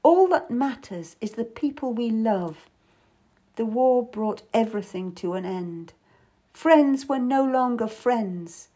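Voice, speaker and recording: A woman's voice: a little high, mellow, voice pushed up. A woman voicing a worldly, tough middle-aged lady courtier who speaks wistfully and with sudden bitterness, for an audiobook. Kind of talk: audiobook character voice.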